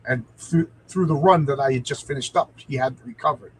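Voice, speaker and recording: A man's voice: medium pitch, brisk, a little hiss or hum, rough recording. A man hosting a live stream, reading a comic aloud with enthusiasm and answering viewer comments.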